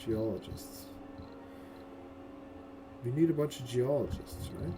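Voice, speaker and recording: A man's voice: mid-range voice, slow, background noise. A man casually commenting on a game as he streams it, cursing freely, talking to his chat and tagging "right?" onto his sentences. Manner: profane, excitable, talks to chat, keeps asking "right?".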